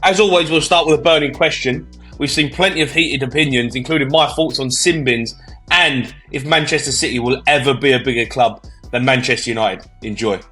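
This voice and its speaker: A man co-hosting a football show, ranting loudly and in exasperation. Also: mid-range voice, fairly quick, soft background music. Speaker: podcast co-host. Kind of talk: heated football debate.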